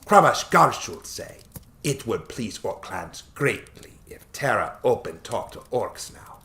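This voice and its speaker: A man voicing a halting female orc envoy. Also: mid-range voice, big pitch swings, bright, forceful tone, voice pushed up. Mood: formal, earnest. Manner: thick broken accent, halting slow speech. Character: female orc envoy, tall, earnest, formal.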